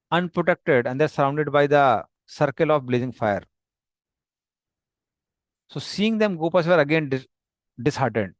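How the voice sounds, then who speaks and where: Man slowly narrating a story over slides, plain explaining tone, dry close mic. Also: fairly high pitch, dry recording. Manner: slow, plain, explanatory with pauses.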